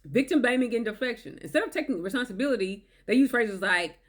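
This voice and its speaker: A woman's voice: fairly high pitch, expressive, quick pace. A woman vlogging relationship advice to viewers, emphatic and repetitive, often checking in with "okay?". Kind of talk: direct-to-camera advice talk.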